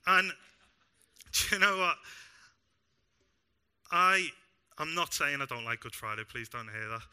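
Bright, animated young preacher man. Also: a little high, normal speed, smooth. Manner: animated, self-deprecating, humorous. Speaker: pastor. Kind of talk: sermon. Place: church.

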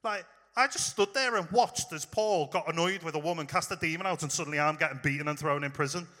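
A man's voice: fairly high pitch, fast, bright, forceful tone, in a large hall. A man voicing an indignant male companion who complains he did nothing wrong. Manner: aggrieved, complaining.

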